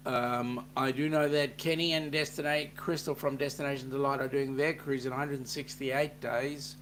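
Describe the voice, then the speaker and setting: A man's voice: mid-range voice, flat delivery, normal speed, fairly bright tone, a little hiss or hum. A man with an Australian accent co-hosting a casual livestream chat, reading out viewer comments with a joking, teasing manner.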